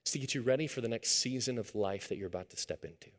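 Speaking quickly in a medium-pitched voice, a pastor in his thirties tells a family story during a sermon. His delivery swings between soft, intimate lines and loud, excited retelling.

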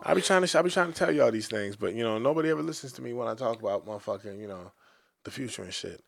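A young man co-hosting a podcast, telling crude stories in a profane, animated way with sudden jumps in his voice. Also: medium pitch, very fast, vocal fry. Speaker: podcast co-host. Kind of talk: crude comedic podcast banter.

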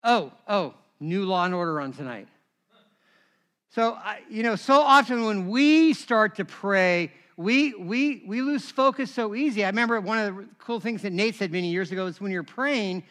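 Bright, high-voiced male pastor. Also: moderate pace, hardly any pauses. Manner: animated storytelling with humor. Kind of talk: sermon.

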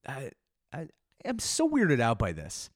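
A man's voice: mid-range voice, huge pitch swings, measured pace, no room sound, studio quality. A man hosting a solo podcast, rambling and self-mocking, with restless restarts and sudden bursts of energy. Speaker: podcast host.

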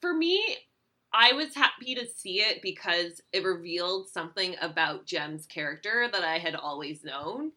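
A woman's voice: lowish voice, expressive, moderate pace, pushed and bright. A woman co-hosting a casual recap chat, talking loosely with lots of "like" and the odd swear. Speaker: podcast co-host.

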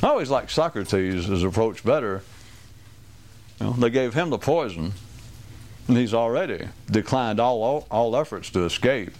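A man's voice: mid-range voice, expressive, normal speed, a little mellow, a little hiss or hum. A man giving a rambling, wry talk to a small group, restarting sentences and acting out quoted voices.

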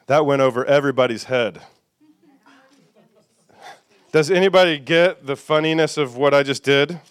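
A man's voice: medium pitch, a little fast, clean tone. A man preaching a sermon as pastor, conversational and playful, leading the congregation in call-and-response.

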